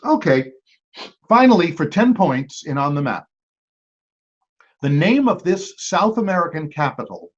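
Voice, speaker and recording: A man hosting a trivia game. He reads each clue twice and adds chatty asides and quick apologies to the teams. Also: a little high. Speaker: quiz host. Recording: dull lo-fi recording.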